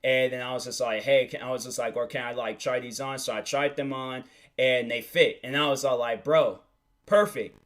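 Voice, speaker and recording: A man's voice: mid-range voice, level tone, brisk, a bit bright. A young man hosting a casual solo podcast, rambling with lots of fillers and restarts. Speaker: podcast host.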